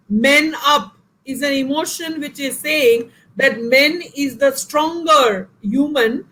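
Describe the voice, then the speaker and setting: An Indian woman with a high voice gives an earnest, emphatic talk as a guest professor. She answers audience questions and speaks straight to her listeners. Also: fairly bright tone, low-quality recording.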